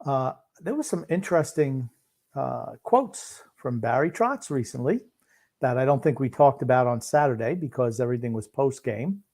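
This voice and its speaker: A gruff man gives dry, unhurried commentary on a live game, leaving long pauses mid-thought. His voice sits at an ordinary middle pitch. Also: animated, a little mellow. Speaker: podcast co-host. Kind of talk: casual sports commentary while watching a game.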